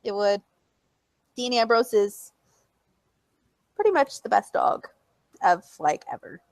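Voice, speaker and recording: A young woman co-hosting a podcast in casual chat, animated and fond of mimicking voices in squeals and coos. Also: mid-range voice, slow pace, no room sound. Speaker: podcast co-host.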